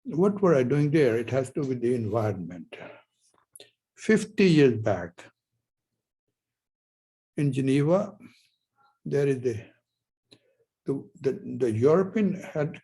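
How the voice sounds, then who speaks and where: A man's voice: mid-range voice, mellow, breathy edge, rough recording. A man in his seventies giving a university lecture, telling a rambling personal story full of rhetorical questions. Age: 70s. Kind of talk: classroom lecture.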